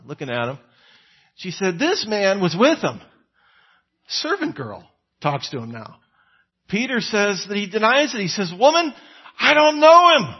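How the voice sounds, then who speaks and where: A man delivers a sermon in a casual, storytelling way, his voice slightly husky and a little higher than most men's. He breaks into quoted lines with sharp jumps in pitch and loudness. The recording sounds dull and lo-fi. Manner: conversational, acts out quoted lines with rising pitch and volume. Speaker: preacher.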